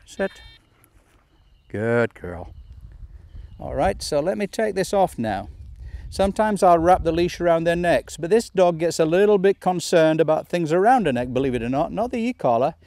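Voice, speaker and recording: A man's voice: fairly high pitch, brisk, few pauses, no echo. Coaxing male dog trainer outdoors. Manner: calm, coaxing commands to a dog between explanations. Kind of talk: instructional demonstration. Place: outdoors in a field.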